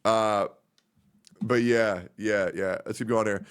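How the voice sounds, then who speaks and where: A man's voice: steady tone, takes it slowly, smooth. Man, 30s, streamer; casual, rambling, emotional. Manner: rambling, emotional, puts on high voices when quoting friends.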